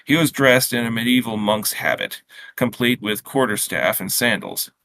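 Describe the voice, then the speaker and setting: A man reading his own short story aloud in a steady, unhurried way, with small slips and restarts. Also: mid-range voice, gravelly, background noise.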